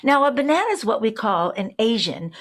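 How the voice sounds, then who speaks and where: A woman in her seventies from New Orleans, telling a personal story in a reflective, wry way, slowing down for emphasis, over a video call. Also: a little high, sing-song. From New Orleans, Louisiana.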